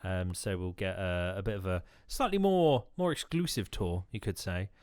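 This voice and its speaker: A man hosting a casual podcast chat, playful and quick with asides. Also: low-pitched, darkish tone, clear, resonant tone, dry recording, clean studio sound. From England. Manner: chatty, hums jingles, playful asides. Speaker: podcast host.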